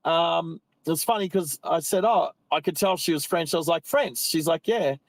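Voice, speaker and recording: A middle-aged Australian man with a fairly high voice talks casually to his viewers from a parked car. He rambles, breaks off mid-thought and comes back to it. The sound is close and dry, with no room echo. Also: normal speed. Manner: chatty, rambling, self-interrupting. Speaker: live-stream driving host. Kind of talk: casual live-stream chat. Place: parked car on an outback roadside.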